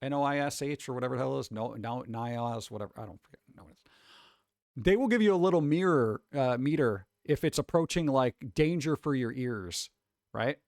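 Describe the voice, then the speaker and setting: A man's voice: medium pitch, animated, brisk, gravelly, darkish tone, no room sound, clean studio sound. A man chatting casually on a live stream, rambling and swearing as he reacts to posts, with frequent restarts. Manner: loose, profane, rambling with restarts.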